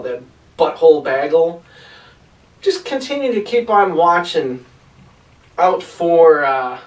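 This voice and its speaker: Blog host, eager and rambling, slightly high voice, echoey room with distant mic. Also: male voice. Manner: rambling, enthusiastic, many fillers. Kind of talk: casual recap to camera.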